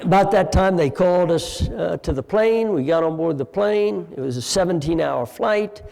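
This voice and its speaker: A man in his sixties, a retired general, telling heartfelt stories to an audience in a large lecture hall, measured and pausing often. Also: high-pitched, expressive, creaky, a little mellow. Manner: measured, heartfelt storytelling with pauses. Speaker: retired general giving a guest talk.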